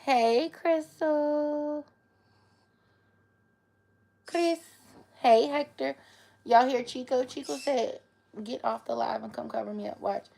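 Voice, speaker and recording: A woman's voice: high-pitched, slow pace, gravelly, pauses often, dark tone. A woman chatting on a live stream, playful and cooing at her pets in baby talk. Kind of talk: casual live-stream chat.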